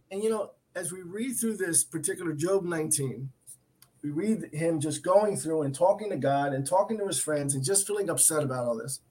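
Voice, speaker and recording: A man co-hosts a Christian talk show, teaching from the Bible in casual chat with earnest emphasis. His voice is high and expressive and moves at a normal speed. He often restarts and repeats himself.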